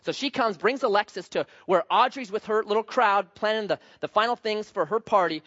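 A male pastor preaching a sermon in an animated, joking, conversational manner. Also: high voice, brisk, highs cut off.

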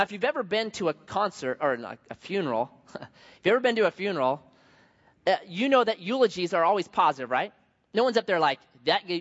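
A man preaching a sermon in a conversational, jokey way, often restarting his sentences. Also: high-pitched. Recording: dull sound with long hall reverb.

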